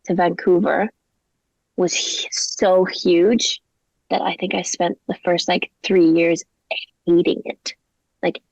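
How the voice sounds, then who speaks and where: Chatty young woman from England, gravelly edge. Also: fairly low pitch, slow, pauses often, no echo, muffled recording. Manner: chatty, animated, many "like" fillers. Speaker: guest singer-songwriter. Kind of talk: casual interview chat.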